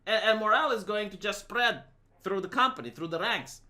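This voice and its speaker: A man from Romania runs through a sarcastic opinion rant for his channel, stumbling over repeated words as he goes. His voice is bright and sharp, with a very lively swing in pitch. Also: brisk. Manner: sarcastic, stammers on restarts. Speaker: streamer and YouTuber. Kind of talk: opinion monologue.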